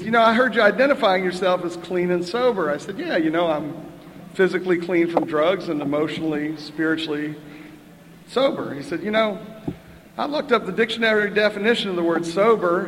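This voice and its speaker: A man's voice: high voice, a bit bright, a little hiss or hum. An older man telling a wry, chatty story at a twelve-step recovery meeting, often tossing in "right?" and a laugh. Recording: echoey hall with faint ambience.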